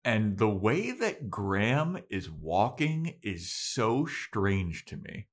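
A man's voice: lowish voice, sing-song, slow pace. A man co-hosting a podcast, recapping scenes in a laid-back, casual way. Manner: retells scenes with acted-out quotes, laid-back. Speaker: podcast co-host. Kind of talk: casual chat.

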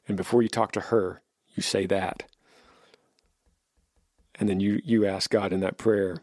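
Answering a listener's question, a male podcast host offers sincere advice, frequently restarting and repeating his words. He speaks at a moderate pace in a fairly low, steady voice, pausing often, and the recording is dry and studio-clean.

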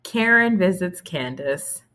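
Low-voiced woman chatting casually. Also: expressive, takes it slowly, pushed and bright. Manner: chatty, thinks aloud with restarts. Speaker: podcast co-host. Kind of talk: casual chat recapping reality TV.

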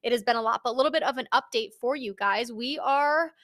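A young woman talks solo on her podcast with bright, upbeat energy. Her voice sits a little higher than most women's, and she chats casually, tossing in the odd swear word. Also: fast talker. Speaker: podcast host.

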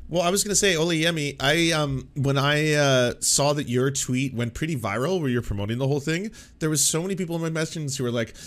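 A man's voice: a little high, brisk, few pauses. A man hosting a casual podcast panel, rambling with lots of fillers and laughing easily over a video call. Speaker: podcast host.

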